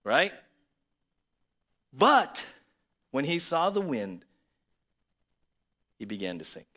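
A man preaching a sermon in an animated, conversational way, often asking rhetorical questions. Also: on the high side, slow. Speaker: pastor.

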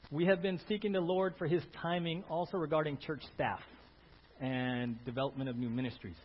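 A man working as a pastor, making an animated church announcement with plenty of fillers and restarts. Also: on the high side, fairly quick. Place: church sanctuary. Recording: dull lo-fi church audio, faint hum.

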